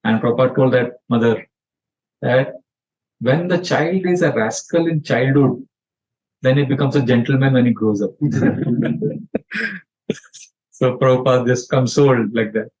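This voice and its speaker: A man giving a scripture lecture as a spiritual teacher, narrating stories in an animated way and acting out the quotes. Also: medium pitch, normal speed. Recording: dull lo-fi sound.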